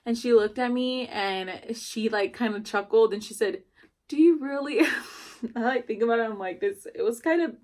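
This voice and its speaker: A woman's voice: a little high, normal speed. Chatty young woman telling a story. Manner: chatty, rambling, many "like" fillers. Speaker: new mother telling her birth story. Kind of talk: casual storytelling to camera.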